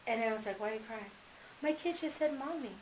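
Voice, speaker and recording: A mother speaking as an interview guest, telling family stories in a casual, animated way and acting out remembered dialogue. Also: fairly high pitch, fairly quick, slight background noise, poor audio. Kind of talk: casual sit-down interview storytelling.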